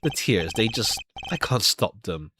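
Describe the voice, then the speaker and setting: A man's voice: lowish voice, very animated, a little slow, noisy background. Man playing a weepy grandfatherly old chairman. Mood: sentimental. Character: sentimental old male committee chairman. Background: background music.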